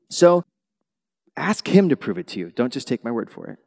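A male pastor preaching a sermon in a church, animated, swinging from quiet asides to loud exclamations. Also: medium pitch, moderate pace, vocal fry, pauses often. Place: church sanctuary. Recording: long hall reverb.

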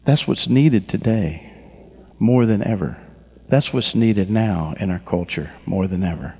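A man preaching a sermon, telling stories with fervent, lively delivery and leading the congregation in prayer. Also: fairly low pitch, big-room sound. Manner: fervent preaching, acts out voices of people he describes; slow, drawn-out prayer at the close. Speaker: pastor.

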